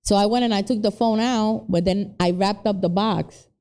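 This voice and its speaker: A middle-aged woman with a New York accent, co-hosting a casual chat and telling stories in an animated way, with Spanish exclamations mixed in. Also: mid-range voice, normal speed. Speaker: podcast co-host.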